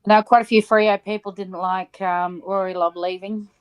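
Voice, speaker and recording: A woman chatting casually on a sports watch-along, knowing and gently teasing. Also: mid-range voice, little pitch movement, normal speed, smooth, dull audio.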